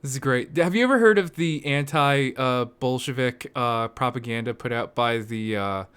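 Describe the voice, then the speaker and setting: A man's voice: medium pitch, moderate pace, fairly bright tone, clean tone. A man co-hosting a casual podcast, rambling and swearing, with many fillers and restarts. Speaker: podcast co-host.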